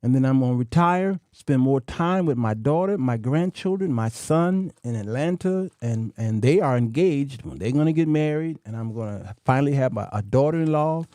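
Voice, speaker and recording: A man's voice: mid-range voice, expressive, normal speed, few pauses, dark tone, no room sound, studio quality. A man in his fifties hosting his own show, talking in a folksy, preachy monologue that repeats itself. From United States. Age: 50s. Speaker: show host. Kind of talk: casual talk-show monologue.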